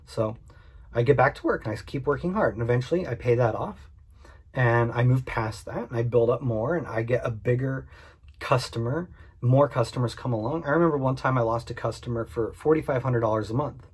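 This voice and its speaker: Husky earnest man talking to camera. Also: mid-range voice, fairly quick, darkish tone. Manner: earnest, candid, repeats points for emphasis. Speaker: small business owner. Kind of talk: direct-to-camera vlog monologue.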